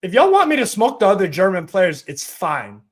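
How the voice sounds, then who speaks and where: A man's voice: sits high, wildly swooping pitch, moderate pace, breathy edge. A man hosting a live watch-along stream, giving casual commentary in a profane, ranting, mocking way.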